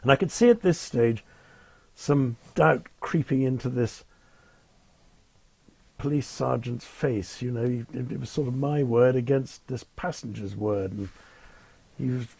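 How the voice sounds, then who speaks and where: An older man, a retired airline captain, shares anecdotes in an interview with a wry, understated, dryly amused air. His mid-range voice is gravelly and breathy-edged with a darkish tone, moving at a measured pace with long pauses and no echo.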